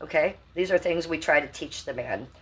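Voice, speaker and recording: A woman in her fifties with a low voice hosts a casual livestream at a moderate pace. She's brash, profane and rambling as she reads out chat comments.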